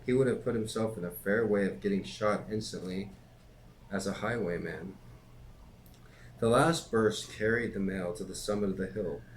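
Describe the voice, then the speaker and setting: A man reads a classic novel aloud at a steady, even pace. His voice sits on the low side. Faint background hiss lies under the recording. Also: poor audio. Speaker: reader and teacher.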